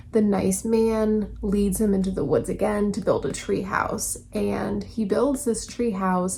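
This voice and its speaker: A woman's voice: mid-range voice, gravelly, darkish tone, slight background noise. A woman vlogging book reviews in a casual, blunt way, swearing often and full of fillers.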